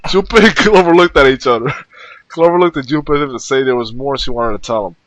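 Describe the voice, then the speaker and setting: A man's voice: medium pitch, fast, a bit bright, lo-fi sound. A man reading a game aloud as host of a let's play, stumbling over words and mocking himself. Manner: stumbling, self-mocking, laughing often. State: cold. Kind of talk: casual narrated game reading.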